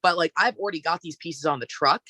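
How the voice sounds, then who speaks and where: Bright-voiced woman telling a story. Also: sits low, quick pace, slightly rough, dry recording. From Canada. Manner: animated, filler-heavy storytelling. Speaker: podcast guest, wrestler. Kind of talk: casual storytelling interview.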